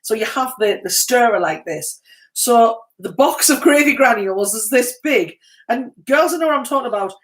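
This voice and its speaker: A woman's voice: fairly high pitch, expressive, moderate pace. A middle-aged woman co-hosting a live stream, chatting casually and telling stories, often breaking into laughter. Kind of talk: casual chat.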